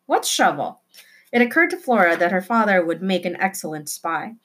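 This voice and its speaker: A woman reading a children's novel aloud with expressive delivery, slowing down for emphasis. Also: lowish voice. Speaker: reader.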